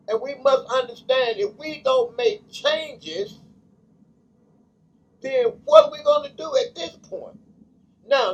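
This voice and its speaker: A man with a strikingly high voice delivers a fervent, preacher-like monologue, circling back on his phrases with a repetitive cadence. He sounds set back from the microphone, so his voice carries a distant quality. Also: muffled recording. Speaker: founder of a charity association.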